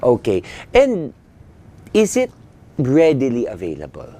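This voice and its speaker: A man's voice: medium pitch, huge pitch swings, a little slow, mellow. A man with a Filipino accent hosting a health talk show, switching between English and Filipino and nodding along with short fillers. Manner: mixes English and Filipino, frequent agreeing fillers.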